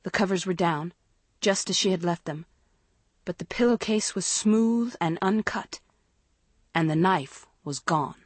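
A woman narrating a story in a measured, expressive reading. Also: on the low side, slightly rough, no echo. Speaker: audiobook narrator. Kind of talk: scripted narration.

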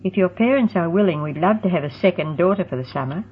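A woman voicing a kind, calm middle-aged mother who speaks in a gentle, measured way. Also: fairly low pitch, husky. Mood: kindly. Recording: tinny phone-like sound.

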